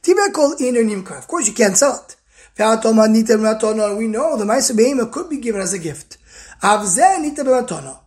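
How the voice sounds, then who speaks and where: A woman's voice: on the high side, animated, a little fast, a little mellow. A woman teaching a text study lesson. She reads short phrases of the original text and explains each one in plain English, talking in short bursts with small restarts. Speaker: Talmud teacher.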